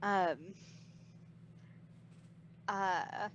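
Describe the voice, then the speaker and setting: A woman's voice: medium pitch, fairly even intonation, drawn-out words, dull audio, a little hiss or hum. A woman player in a tabletop game, hesitant at first, then indignant as her character.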